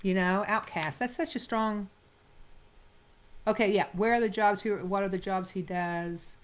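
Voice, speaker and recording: A woman's voice: mid-range voice, a little slow, smooth. A middle-aged woman acting coach leading a script analysis class, talking emphatically and acting out quoted lines. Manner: animated, emphatic teaching with quoted line readings.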